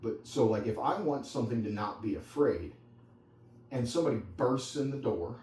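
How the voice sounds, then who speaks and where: A man's voice: mid-range voice, animated, normal speed, dark tone. A man who trains dogs, teaching a small group in a conversational, rambling way with anecdotes and asides. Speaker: dog trainer. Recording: echoey room, distant mic, faint background noise.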